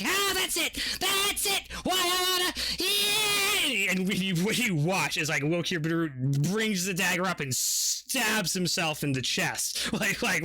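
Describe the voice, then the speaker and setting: A man running a tabletop game, his voice bright and lively as he rambles through the scene. He swears freely and leans on filler words, and the sound is dry and close. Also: fairly high pitch, no echo. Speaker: dungeon master.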